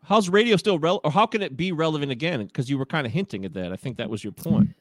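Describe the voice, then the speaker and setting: Lively, jokey man with an expressive voice. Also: fairly high pitch, quick pace, no echo, clean studio sound. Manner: animated, jokey, laughs often. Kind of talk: casual chat.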